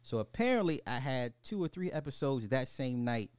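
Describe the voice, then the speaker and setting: A man's voice: medium pitch, sing-song, moderate pace, darkish tone, clean tone, dry recording, studio quality. A man in his forties hosting a podcast, telling stories casually and with animation, swearing and laughing as he goes. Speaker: podcast host. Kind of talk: casual storytelling over a live game.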